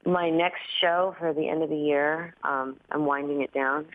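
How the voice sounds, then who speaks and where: A woman's voice: deep voice, fairly even intonation, normal speed, a little hiss or hum. A woman singer chatting as an interview guest, her voice a little groggy and dry from an overnight flight, chatty with frequent laughs. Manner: chatty, laughs often, many fillers. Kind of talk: casual interview chat. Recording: tinny phone-line audio.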